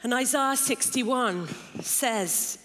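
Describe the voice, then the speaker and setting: A woman's voice: a little high, very slow, a bit bright. A middle-aged woman preaching a sermon in a large church, building emphatic lists of phrases. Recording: long hall reverb.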